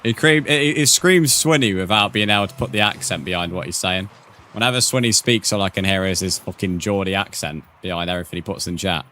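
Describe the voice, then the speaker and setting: Man, young adult, streamer, slightly low voice, casual banter, reads chat. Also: quick pace, pushed and bright, a little hiss or hum. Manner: casual, swears often, banters with viewers. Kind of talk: live gaming commentary, reading chat.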